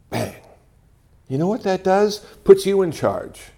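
This talk comes from a man in his sixties whose voice is high-pitched with vocal fry, his pace measured. Before a live audience, he tells animated stories laced with wry humor.

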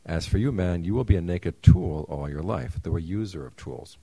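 A man's voice: low voice, animated, normal speed, gravelly, dark tone, slightly rough, exaggerated voice. A man reading aloud as a shy, kindly creator god who speaks as "we", in a solemn, formal storybook manner. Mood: proclaiming.

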